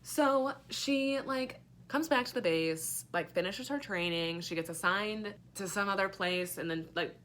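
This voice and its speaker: A woman's voice: medium pitch, unhurried, few pauses, fairly bright tone, slight background noise. A young woman giving a casual, rambling book review, sarcastic and full of fillers and swearing.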